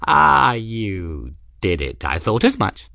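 A man's voice: fairly low pitch, very animated, takes it slowly, vocal fry, pushed and bright, no echo, studio quality, full character voice. A man voicing an eccentric old male teacher who is testy and theatrical, in a storybook reading. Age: older.

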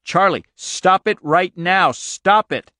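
A man reading an audiobook, voicing a desperate middle-aged father who shouts hoarsely and pleads urgently. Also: sits high, slow, no echo, clean studio sound, pitched above the performer's own voice, heavily acted. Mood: frantic shouting.

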